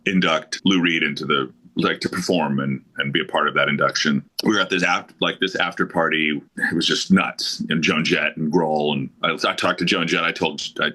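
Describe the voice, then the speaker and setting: A man, a musician guest, telling a casual story with stammered restarts and lively quoted voices. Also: very deep voice, moderate pace.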